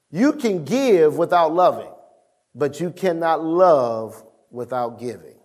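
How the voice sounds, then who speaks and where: A middle-aged man preaching a sermon, emphatic and casual, calling on the congregation to answer back. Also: fairly high pitch. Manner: emphatic, call-and-response with the congregation.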